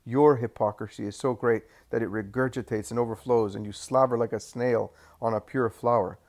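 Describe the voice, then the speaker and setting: A dignified disciple who stays calm and measured even when rebuking, as a male reader puts him on. He speaks in a middle-pitched male voice, a figure from a read-aloud story. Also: natural voice. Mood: stern.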